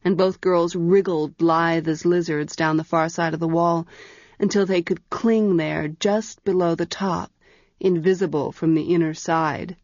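A woman narrating a storybook aloud in a measured, even way. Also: lowish voice, no echo. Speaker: audiobook narrator. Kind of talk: scripted narration. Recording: dull, dry audiobook recording.

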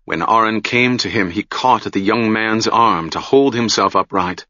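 A man reading a fantasy novel aloud in a measured, solemn manner, recorded close on a dry mic with a dull lo-fi sound. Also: on the low side, pushed and bright, dry recording. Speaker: audiobook narrator. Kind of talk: scripted fantasy narration.

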